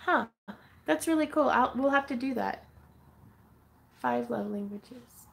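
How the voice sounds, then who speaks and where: Giggly, creaky-voiced woman livestreaming. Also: a little high, unhurried, fairly bright tone. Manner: giggly, chatty, frequent laughter and fillers. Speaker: craft livestream host. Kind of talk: casual livestream chat reading viewer comments. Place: home craft room.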